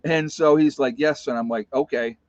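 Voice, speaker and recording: A man's voice: medium pitch, steady tone, moderate pace, dry recording. Rambling man in his fifties. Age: 50s. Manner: rambling, lots of "you know" and restarts. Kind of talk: casual storytelling monologue. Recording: dry, slightly dull sound.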